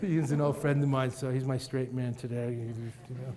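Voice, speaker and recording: A man's voice: medium pitch, level tone, normal speed, a crowd in the background. A man, a Buddhist teacher, giving a playful, rhythmic dharma talk to an audience and laughing at his own jokes. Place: large meeting room with audience. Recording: echoey hall, roomy reverb.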